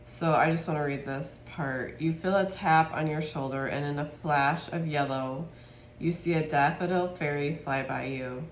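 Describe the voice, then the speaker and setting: A woman giving a spiritual tarot reading to her viewers, speaking softly and with heartfelt emotion. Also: sits low, moderate pace, echoey room, slight background noise. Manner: soft, heartfelt, gets emotional. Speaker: tarot reader.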